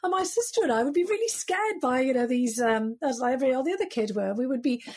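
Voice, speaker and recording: A woman's voice: sits high, expressive, fast, husky. A British woman in her fifties, a guest in an interview, telling stories reflectively with many casual fillers. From United Kingdom. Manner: reflective, storytelling, frequent "you know" fillers. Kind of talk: conversational interview.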